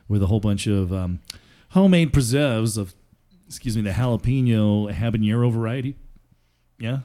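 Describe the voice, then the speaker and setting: A man's voice: on the low side, dark tone. A man hosting a podcast in casual chat, joking and rambling with fillers. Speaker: podcast host.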